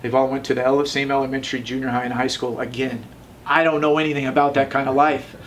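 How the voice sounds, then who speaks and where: A man in his thirties telling his own story in a relaxed interview, rambling with many fillers and acting out the voices of the people he quotes. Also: mid-range voice, quick pace, far from the mic, a little hiss or hum, low-quality recording. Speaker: tattoo shop owner telling his story.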